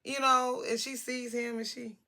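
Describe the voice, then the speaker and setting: A woman in her forties tells a personal story in a casual vlog. Her voice is bright with a gravelly, creaky texture, and she talks in an animated, blunt and talkative way, swearing freely. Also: on the high side, moderate pace. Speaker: hairstylist telling a story.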